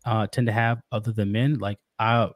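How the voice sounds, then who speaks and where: A man with a lowish, fairly flat voice talks at a normal speed about being a father as a podcast guest, earnest and reflective, frequently starting sentences over. It's casual interview talk, captured in a dry, clean studio recording.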